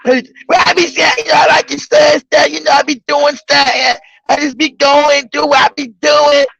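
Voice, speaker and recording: A man's voice: very high-pitched, flat delivery, moderate pace, gravelly, a bit bright, no echo, heavily acted. A man mimicking a rambling, evasive young woman who repeats herself in a whiny, mumbling way. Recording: dull lo-fi recording.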